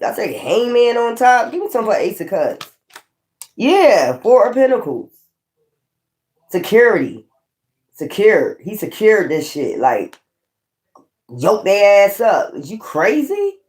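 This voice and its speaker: A woman's voice: medium pitch, slow pace, pauses often. A woman giving a casual tarot reading, swearing often, laughing and talking straight to her viewers. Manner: profane, laughing, animated asides to viewers. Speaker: tarot reader.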